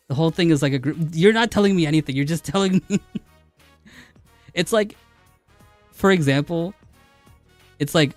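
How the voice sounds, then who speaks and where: A man's voice: fairly high pitch, moderate pace, long pauses, darkish tone, dry recording, soft background music. A man streaming a game who argues with his chat, laughing as he challenges them again and again to give him an example. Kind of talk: live stream chat reply.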